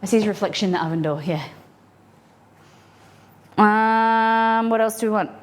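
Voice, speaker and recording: A woman with a medium-pitched voice speaks at normal speed as she cooks in her home kitchen during a live stream. She chats upbeat with viewers and reacts to the chat as she cooks.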